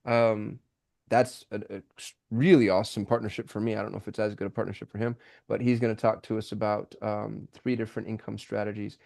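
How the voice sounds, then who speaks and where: A man hosting a live call-in business show, talking in an excitable, rambling way with many restarts over a video call. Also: lowish voice, fairly quick, creaky. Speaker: host. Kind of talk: casual live show chat.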